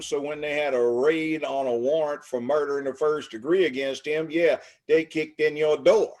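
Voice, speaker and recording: Emphatic older man, preachy and lively. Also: a little high, moderate pace, hardly any pauses. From Los Angeles. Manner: emphatic, preachy, piles up long lists. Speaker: interview guest. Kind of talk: casual interview talk.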